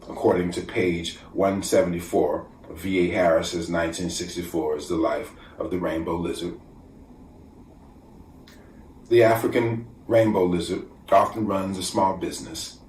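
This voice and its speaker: A man reading his own poetry at a measured, deliberate pace, sometimes sinking to a near whisper. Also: sits low. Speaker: poet. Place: room at home, virtual festival. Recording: echoey room, distant from mic, faint background noise.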